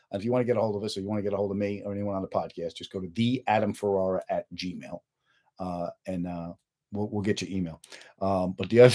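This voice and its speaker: A middle-aged man, a comedian hosting his own podcast, chatting casually with viewers and telling jokey stories. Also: on the low side. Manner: joking, animated storytelling. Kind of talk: casual live-stream chat.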